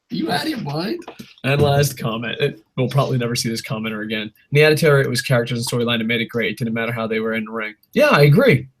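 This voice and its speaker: A man's voice: mid-range voice, fairly bright tone, slight background noise. A man hosting a casual podcast, ranting in a rambling, profane way and laughing at his own jokes. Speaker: podcast host. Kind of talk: casual wrestling podcast rant.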